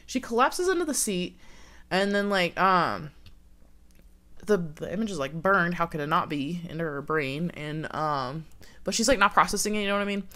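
A woman's voice: lowish voice, expressive, moderate pace, sharp tone. A woman casually telling a scary campfire story in a chatty way, full of fillers. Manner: chatty, filler-heavy, lots of "like".

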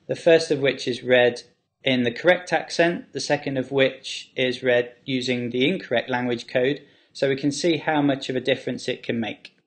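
A man who works as a web developer, explaining a how-to topic in a clear, steady tutorial style. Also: mid-range voice.

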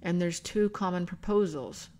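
A woman hosting a book club video, explaining scripture and spelling out words in an unhurried teaching manner. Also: lowish voice, dark tone. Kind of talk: bible study teaching.

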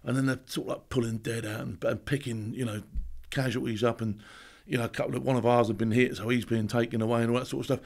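A man, a former special forces soldier, telling animated war stories as a podcast guest, laughing often and acting out shouts and quotes. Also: mid-range voice, vocal fry. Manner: fast, laughing anecdotes with acted-out shouts and quotes. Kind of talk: animated storytelling.

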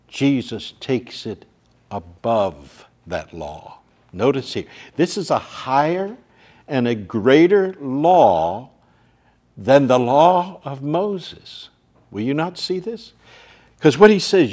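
A man's voice: mid-range voice, very animated, slow, long pauses, a little mellow. A man preaching a sermon as pastor in a church, reading scripture aloud with rising force.

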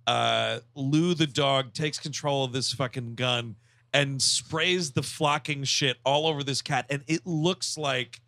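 A man's voice: medium pitch, slow pace, gravelly, bright, forceful tone, no room sound, studio quality. A man co-hosting a comedy movie podcast, recapping the plot in a rambling, profane way and telling anecdotes. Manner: profane, rambling storyteller who acts out quotes. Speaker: podcast co-host.

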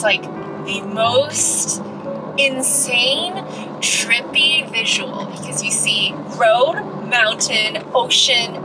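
A woman's voice: mid-range voice, rough recording. Woman travel vlogger, casual and gushing, talking from the driver's seat; mid-range voice. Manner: giddy and emotional, gushing. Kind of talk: casual vlog talk to camera. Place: in a car while driving.

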